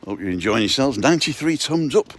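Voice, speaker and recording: Walking outdoors through a residential complex, a man with a cold does a joking, talkative live-stream tour into a handheld phone. His medium-pitched voice is expressive, brisk and fairly bright, with a little hiss or hum in the audio.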